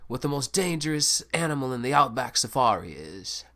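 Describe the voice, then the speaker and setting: A man's voice: big pitch swings, fairly quick, bright, forceful tone. A man putting on a hammy Australian accent as a male showman spouting ostrich facts, leaning hard on each word. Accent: Australian (put on). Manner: high, emphatic showman delivery.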